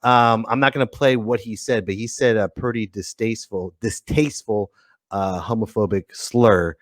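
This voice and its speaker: A man's voice: lowish voice, fairly even intonation, normal speed, dry recording, clean studio sound. A man hosting a casual livestream podcast, talking in a playful, jokey way. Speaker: host.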